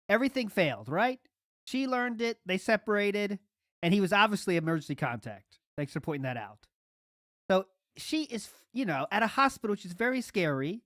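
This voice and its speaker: A man's voice: high-pitched, a bit bright, no room sound, studio quality. Sarcastic man mocking a played clip. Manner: mocking, sarcastic, laughs often. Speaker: podcast host reacting to a clip. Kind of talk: sarcastic reaction commentary.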